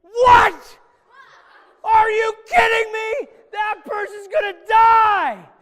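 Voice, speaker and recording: A man shouting as a furious king. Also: very high voice, level tone, drawn-out words, a faint crowd, pitched above the performer's own voice, heavily acted. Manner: shouting, outraged. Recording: echoey hall reverb.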